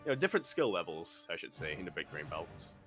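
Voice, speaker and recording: A man co-hosting a casual esports podcast, animated and jokey, playfully slipping into put-on accents. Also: deep voice, fast talker, faint music behind. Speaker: podcast co-host.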